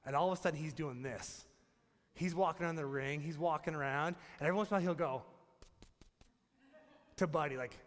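Animated storytelling pastor, man. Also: on the high side, fairly quick, pauses often, in a large hall. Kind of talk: sermon.

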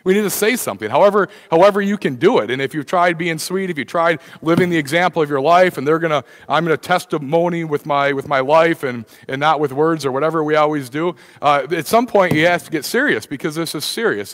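A pastor preaching a conversational sermon, often restarting phrases and filling pauses with "uh" and "you know.". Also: male voice, on the high side, fairly bright tone. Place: church sanctuary. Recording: reverberant church hall.

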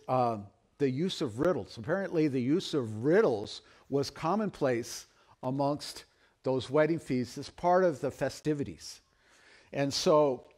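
A middle-aged man preaching a sermon as pastor, telling a story and acting out the quoted voices. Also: darkish tone. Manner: storytelling, acts out quoted voices with big pitch swings.

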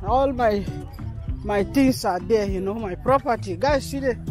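In a casual walking vlog, a woman films herself on a handheld phone at an outdoor market, chatting to viewers unhurriedly and laughing often. Her voice is fairly high, with music playing in the background beneath it.

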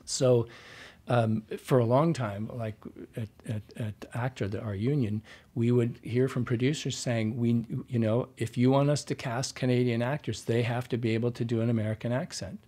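Husky-voiced male dialect coach. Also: medium pitch, normal speed. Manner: animated anecdotes, quoting himself and others. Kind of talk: casual interview storytelling.

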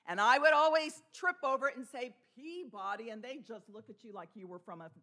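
A woman pastor from Texas preaching a sermon in a church, telling stories in a lively way. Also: a little high, fast talker. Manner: storytelling with laughs and imitated voices. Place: church sanctuary.

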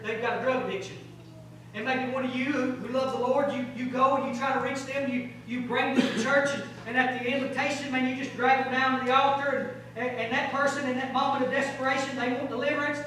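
A man preaches with a high, bright, ringing voice, trading loud exhortation for low intense stretches. He throws out rhetorical questions and folksy asides. The sound is very echoey, picked up from a distant mic with a faint hum. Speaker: pastor. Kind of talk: sermon. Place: large church sanctuary.

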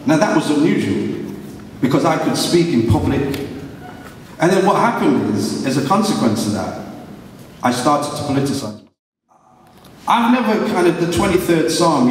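A middle-aged man with a fairly high voice speaks at a moderate pace with long pauses, slight background noise behind him. He is a guest speaker in a large hall at a live event, animatedly telling humorous stories to the audience and acting out voices. The recording is echoey and captured from far off.

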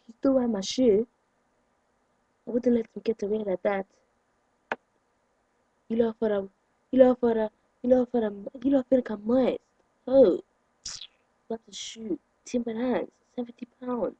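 Male vlogger, excitable ranter, mellow dry tone. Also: very high voice, measured pace, long pauses, breathy edge, dry recording, dull audio. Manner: indignant, excitable rant with sudden loud outbursts. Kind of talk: ranting to camera.

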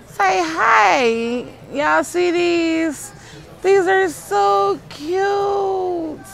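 A woman's voice: sits high, creaky, fairly bright tone. A woman filming a casual vlog in a pet store, cooing at puppies. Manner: cooing, baby-talk at puppies. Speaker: vlogger.

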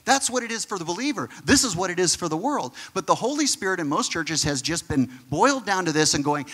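A male pastor preaches an earnest, conversational sermon straight to his congregation, repeating words as he goes. His voice is fairly high and a bit bright, and he speaks briskly with hardly any pauses.

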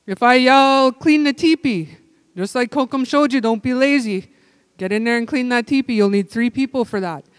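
A man leading a language-camp group game indoors, calling out playful, energetic instructions. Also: extremely high pitch, moderate pace, clear, resonant tone, no room sound. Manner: energetic, playful, giving loud calls and instructions. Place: indoor room with tables.

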